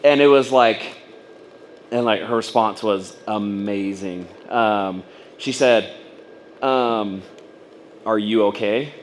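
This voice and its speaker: Speaking with a lowish voice, this man takes it slowly and pauses often, with a little hiss or hum in the audio. He's at a business training event sharing a personal story with other business owners, rambling casually, full of fillers and acted-out quotes.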